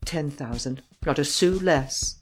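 A man's voice: a little high, slow pace, soft background music. A man reading an audiobook, voicing a cornered, desperate blackmailer who gives short, beaten answers. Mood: sullen.

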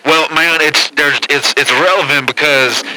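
A man's voice: fairly high pitch, steady tone, normal speed, bright, forceful tone, rough recording. A man playing a rambling, stammering caller in a comedic call-in sketch, leaning on "man" constantly.

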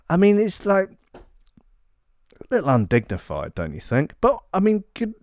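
A man's voice: high voice, wildly swooping pitch, unhurried, a little mellow, no room sound. A man hosting a podcast, ranting sarcastically and swearing freely. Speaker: podcast host. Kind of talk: ranting comedy podcast monologue.

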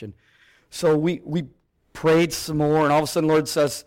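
A man shares a testimony in a sermon, his voice sitting a bit high. He talks conversationally, checking in with "right?" and restarting his sentences as he goes. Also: level tone, brisk, a little mellow, smooth. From American Midwest. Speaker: ministry leader.

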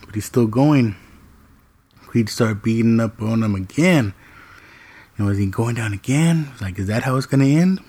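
A man casually recapping a movie plot in an animated, profane way, checking in with "right?" after nearly every point. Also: medium pitch, normal speed, long pauses, breathy edge. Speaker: movie reviewer.

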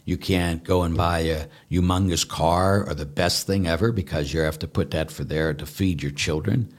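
A male priest with a somewhat low voice talks through questions of faith in a warm-hearted, conversational way. He is earnest and animated, stacks repeated words for emphasis, and chuckles at his own failings. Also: normal speed. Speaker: Catholic priest. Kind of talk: conversational spiritual teaching answering questions.

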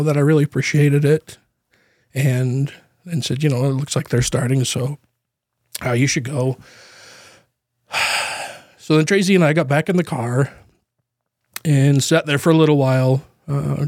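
Man, middle pitch, halting casual storytelling, grief-worn, uneasy laughs, dry studio sound. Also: darkish tone, no room sound. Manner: halting, with frequent fillers and nervous laughs. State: grieving, voice near tears. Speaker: podcast co-host.

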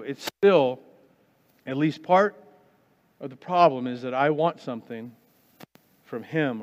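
A man preaching a sermon as a pastor, talking conversationally and acting out people's complaints in mock voices. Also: fairly high pitch. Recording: dull sound with long hall reverb.

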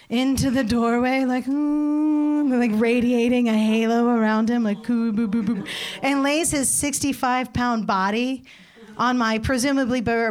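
Animated woman doing stand-up. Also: a little high. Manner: rambling, animated storytelling with laughs and acted-out voices. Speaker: stand-up comedian. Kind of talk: stand-up comedy set.

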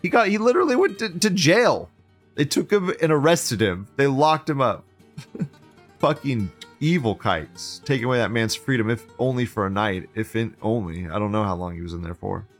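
A man's voice: medium pitch, expressive, normal speed, soft background music. Profane, sarcastic man hosting a stream. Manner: profane, sarcastic, swings between loud mockery and muttering. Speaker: livestream show host. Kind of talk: casual commentary reading forum posts.

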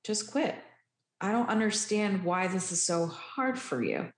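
A woman's voice: mid-range voice, animated, measured pace, pitched above the performer's own voice. A woman retelling her exasperated father's impatient, scolding words over the phone. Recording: roomy echo.

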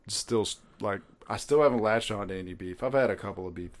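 A man co-hosting a podcast, casual chat, enthusiastic and quick with punchy interjections. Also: fairly low pitch. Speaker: podcast co-host.

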